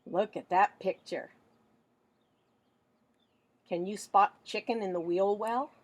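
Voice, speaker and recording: A woman librarian reading a picture book aloud to children, animated and asking them questions as she goes. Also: medium pitch, slow, no room sound. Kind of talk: children's story read-aloud.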